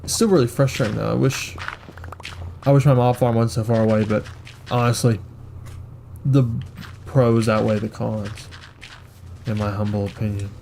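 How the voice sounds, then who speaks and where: A man's voice: on the low side, steady tone, moderate pace, creaky, background noise. A young man rambling and joking through casual gameplay commentary. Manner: rambling, joking, self-mocking. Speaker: gaming streamer.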